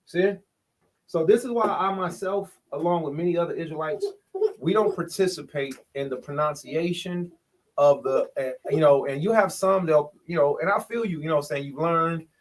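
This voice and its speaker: A man's voice: on the high side, fairly quick. A man speaking in a bible study group call, preaching casually with emphatic rhetorical questions.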